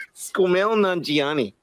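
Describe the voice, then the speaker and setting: A man's voice: sits high, fairly bright tone. A man co-hosting a casual podcast, joking, laughing and swearing. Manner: swears, laughs a lot, jokey. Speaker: podcast co-host. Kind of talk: casual profane review chat.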